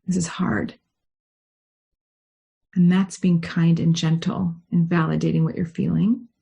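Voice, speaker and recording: A woman rabbi leading a guided meditation and teaching, with a gentle, unhurried guiding tone. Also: lowish voice, gravelly, slightly rough. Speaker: rabbi leading a study session.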